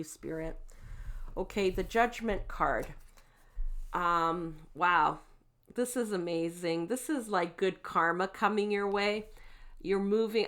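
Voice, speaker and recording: Slow, low-voiced woman reading tarot. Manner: gentle, reassuring, many fillers and "okay?" check-ins. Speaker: tarot reader. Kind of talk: spoken tarot card reading.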